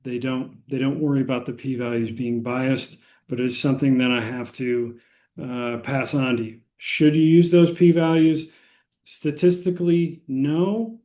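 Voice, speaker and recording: American man, statistics instructor, slow and mellow, lots of ums and restarts. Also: mid-range voice, steady tone. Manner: frequent fillers and restarts, unhurried explaining. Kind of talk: lecture.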